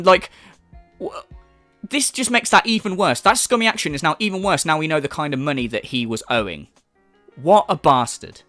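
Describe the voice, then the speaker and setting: A man's voice: fairly high pitch, dry recording. A man giving a ranting commentary, swearing and mocking as he talks. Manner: profane, mocking, animated. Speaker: commentary YouTuber.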